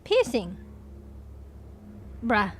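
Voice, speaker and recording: A woman's voice: a little high, huge pitch swings, drawn-out words, soft background music. A young Australian woman streaming, chatting casually with viewers and swearing freely as she talks. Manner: chatty, swears casually, reads chat aloud. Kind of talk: casual live-stream chat.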